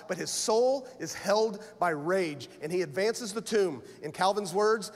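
A middle-aged male pastor preaching a passionate sermon, rising to forceful lines. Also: high voice. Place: church sanctuary. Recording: long church hall reverb.

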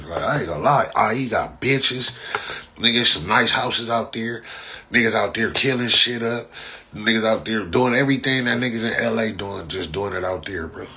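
Deep-voiced, forceful Los man ranting. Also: slight background noise. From Los Angeles. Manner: profane, mocking, rambling storyteller. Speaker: livestreamer. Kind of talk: casual live-stream chat.

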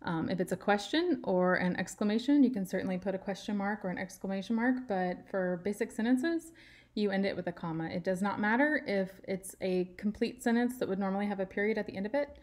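A woman's voice: mid-range voice, brisk, darkish tone. A woman teaching writing in a tutorial, patient and step by step, leaning on key words for emphasis. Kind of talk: screen-share writing tutorial.

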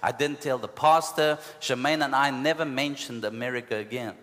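A man with a South African accent, a pastor telling a story in an animated sermon, punctuated with hallelujahs and asides. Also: medium pitch, normal speed. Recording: long hall reverb.

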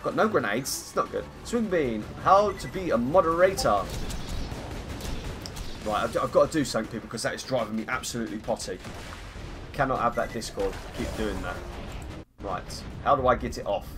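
A young man streaming a game live, chatting in a rambling, self-mocking way and greeting viewers by name. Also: mid-range voice. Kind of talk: casual live-stream gaming chat.

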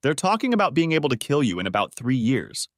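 A man's voice: mid-range voice, sing-song, fast talker, no room sound, clean studio sound, pitched above the performer's own voice, lightly acted. A man voicing a blunt male private investigator who delivers news in a matter-of-fact way. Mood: grave.

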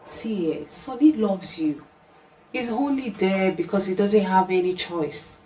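A woman's voice: medium pitch, unhurried, mellow, close to an everyday voice, rough recording. An actress playing a loyal young woman who coaxes and urges her friend. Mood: coaxing. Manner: coaxing.

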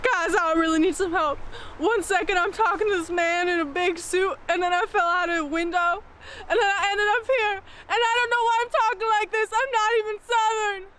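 A woman's voice: very high voice, fairly even intonation, brisk, a bit bright. A young woman playing a frightened, bewildered girl trapped inside TV shows, with panicky outbursts, in an improvised student-film parody. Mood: pleading. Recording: echoey room with faint background noise.

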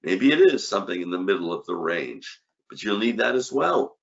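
A man's voice: low voice, very animated, moderate pace, vocal fry, dull audio. An older man giving an academic conference lecture on economics, emphatic, with rhetorical questions and punchy repeated short phrases.

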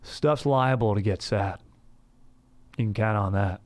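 A man's voice: lowish voice, brisk. Slangy, rambling man hosting a comedy podcast. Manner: slangy, rambling, says dude a lot. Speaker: podcast host.

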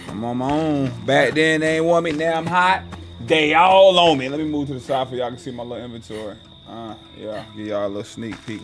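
Man, gaming streamer, loud playful trash talk, middle pitch, music playing behind. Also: low-quality recording. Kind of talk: casual gameplay commentary.

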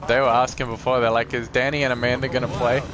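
A fast-talking man with a medium-pitched, level voice hosts a live gameplay stream. He keeps things casual and chatty, talking to viewers and reacting to the game as he plays.

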